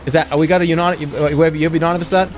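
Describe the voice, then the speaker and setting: A man's voice: on the high side, fairly even intonation, rapid-fire, faint music behind. A man chatting casually on a game stream, joking and laughing at himself. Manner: joking, self-mocking, laughing. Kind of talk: casual gaming stream chat.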